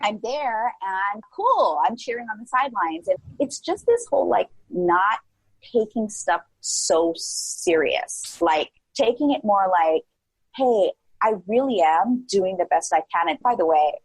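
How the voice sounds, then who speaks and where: A woman in her forties, a podcast guest, talking in a casual and animated way with lots of "like" fillers, often acting out her own past thoughts. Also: mid-range voice, normal speed, slightly rough, dry recording, rough recording. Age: 40s. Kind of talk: casual interview chat.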